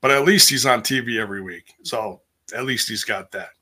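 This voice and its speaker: A man's voice: medium pitch, a little fast, bright, forceful tone, breathy edge. A man hosting a casual live stream, rambling through a recap with lots of fillers and restarts while reading viewer comments. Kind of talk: casual chat.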